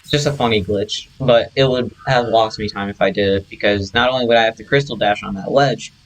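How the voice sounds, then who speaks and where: A man's voice: on the low side, a little fast, low-quality recording. A man who speedruns, casually explaining his own run over replay footage, chatty and correcting himself as he goes.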